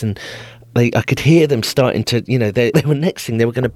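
A man's voice: medium pitch, fairly quick, darkish tone, no echo. A man from Britain hosting a podcast, telling a personal story in a self-deprecating way and laughing often. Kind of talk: casual storytelling.

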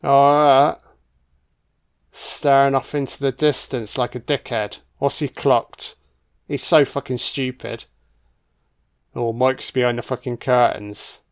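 A man's voice: mid-range voice, steady tone, slow pace, long pauses, clear, resonant tone. Sweary man doing film commentary. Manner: sarcastic, swears constantly, mocks characters. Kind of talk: casual, crude film commentary.

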